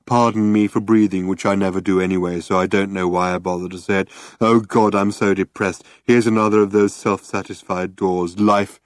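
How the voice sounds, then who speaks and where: A man's voice: level tone, normal speed, few pauses, no echo, clean studio sound, natural voice. Droning depressed robot, put on by a man. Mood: gloomy. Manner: low, hopeless drone. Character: gloomy, depressed male robot.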